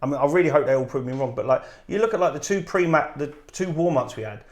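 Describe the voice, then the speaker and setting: A man's voice: on the high side, animated, fast. A man hosting a casual podcast, joking and laughing easily with his guest. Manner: laughs easily, banters with swearing. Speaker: podcast host. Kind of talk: casual chat. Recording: echoey room.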